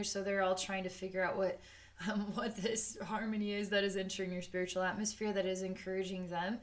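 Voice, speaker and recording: A woman's voice: mid-range voice, little pitch movement, fairly quick. A woman giving a psychic energy-healing session off the cuff, rambling with many fillers and voicing the chakras in little quoted asides. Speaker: psychic reader.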